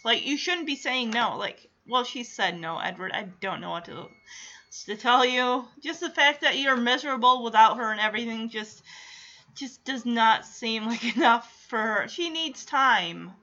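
Bright, chatty woman recapping a show. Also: a little high, normal speed, highs cut off. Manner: chatty, laughing, excitable. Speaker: reaction video host. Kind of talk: casual recap and reaction.

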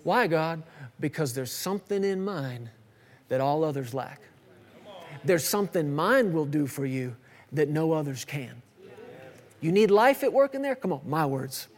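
A man's voice: on the high side, animated, measured pace, long pauses. A man in his thirties preaching a sermon, emphatic and repetitive with playful asides. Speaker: pastor. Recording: long hall reverb.

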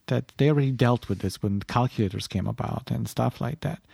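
A man who teaches philosophy chats casually on a podcast over a video call, rambling and thinking aloud in a deep morning voice. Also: a little fast, creaky, darkish tone, husky, no room sound, clean studio sound.

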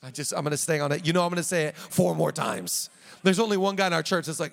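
Male pastor, high voice, playful punchy sermon, repeats lines for emphasis, long hall reverb. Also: fast, creaky. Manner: lively preaching with joking asides.

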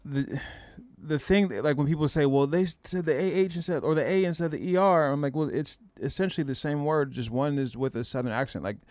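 A man's voice: on the high side, brisk, hardly any pauses, a little mellow, no room sound, clean studio sound. A man in a casual chat, hesitant and laughing as he searches for words.

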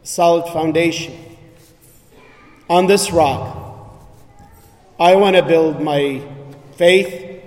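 A man preaching a sermon as a bishop, asking the congregation question after question and dropping to a hush on his key lines. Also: fairly high pitch, in a large hall. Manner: preaching with rhetorical questions, dramatic pauses and sudden drops to a hush. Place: church.

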